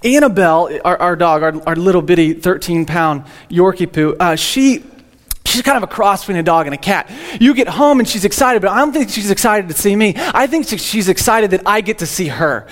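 Young pastor guy cracking jokes in a church sermon, kinda high voice, lots of restarts. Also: expressive, normal speed. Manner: jokey, rambling, repeats words when starting sentences. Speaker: teaching pastor. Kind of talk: humorous sermon.

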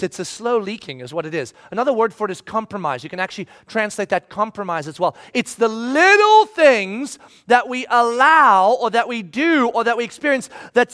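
High-pitched guy preaching to a room, loud then quiet, does little voices. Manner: animated, acts out everyday voices with big swings in loudness. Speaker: pastor. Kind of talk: sermon. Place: room with a live audience.

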